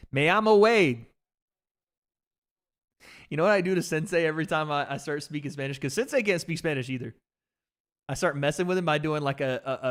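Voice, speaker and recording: A man hosting a casual livestream, talking in excitable slang with sudden outbursts of frustration. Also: on the high side, clean tone. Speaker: livestream host.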